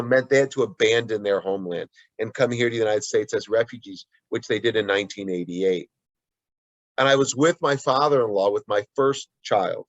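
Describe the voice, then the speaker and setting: A man's voice: mid-range voice, no echo, lo-fi sound. Earnest man answering at length, dry sound. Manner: earnest, with frequent restarts and asides. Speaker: guest author. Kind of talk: earnest conversational interview answer.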